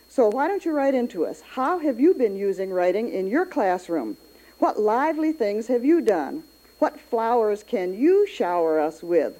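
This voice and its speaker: A woman's voice: medium pitch, mellow, poor audio. A woman hosting an educational radio program, chatting with a class and encouraging listening classes.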